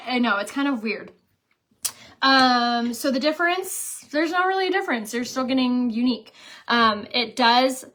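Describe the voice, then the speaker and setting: A woman's voice: fairly high pitch, a bit bright. A young woman talking casually through a makeup tutorial, chatty and full of fillers. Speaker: makeup vlogger and beauty consultant. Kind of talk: casual makeup tutorial, reading viewer comments.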